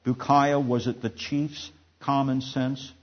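A man voicing a calm, firm old prophet, speaking low and quiet in a husky voice on a dull recording. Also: slow. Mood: accusing.

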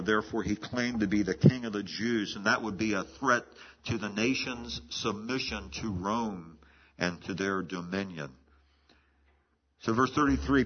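A man preaching an expository sermon in a conversational teaching manner, often restarting and repeating words mid-sentence. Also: fairly low pitch. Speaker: pastor. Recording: muffled lo-fi sermon recording.

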